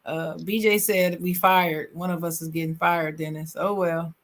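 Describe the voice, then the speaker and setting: A podcast co-host in easy, casual conversation, agreeable and quick with shout-outs. The voice sits at an ordinary middle pitch. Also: flat delivery. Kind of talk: casual chat.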